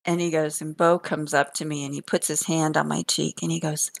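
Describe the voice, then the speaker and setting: Chatting casually, an older woman relates comic stories about her grandchildren with lots of animation, laughter and repeated words. Her delivery is brisk, and her voice low-pitched and creaky.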